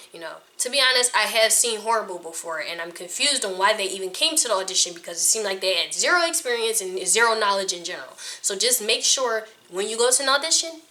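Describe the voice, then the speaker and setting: Bright-voiced woman acting coach, casual and blunt, laughs a lot. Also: medium pitch. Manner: frank, chatty, laughs often. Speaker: acting coach and casting judge. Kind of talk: casual advice to camera.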